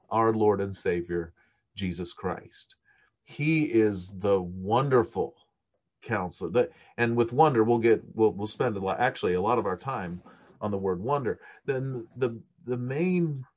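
A man preaching a sermon in a thoughtful, halting way, with many fillers and restarts, on a dull church recording. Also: lowish voice, darkish tone.

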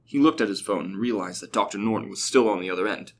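A man reading a fictional story aloud as a steady, even narrator. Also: on the low side, fast, a little hiss or hum.

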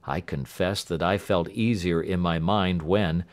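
A man narrating a classic detective story as an audiobook, steady and expressive. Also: low-pitched, a little slow.

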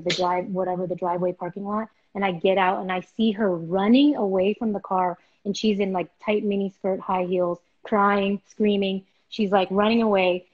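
A young woman hosting a live stream, chatting casually and telling a story with lively, acted-out voices. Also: medium pitch. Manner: animated storytelling, acts out voices. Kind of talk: casual chat. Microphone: video call. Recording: dull lo-fi live stream audio.

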